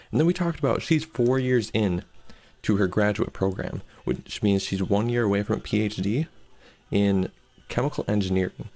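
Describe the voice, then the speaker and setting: A man in his twenties telling a story in a casual, excitable way, acting out the dialogue as he goes. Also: on the low side. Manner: excitable, quoting with "I'm like".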